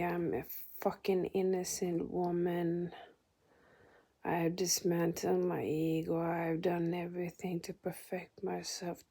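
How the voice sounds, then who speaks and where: A woman vlogger recounts a spiritual experience in an indignant monologue, cursing and sometimes slipping into a whisper. Her voice is gravelly and dark, and she keeps her delivery flat and very slow. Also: lowish voice. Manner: indignant, swearing, partly whispered.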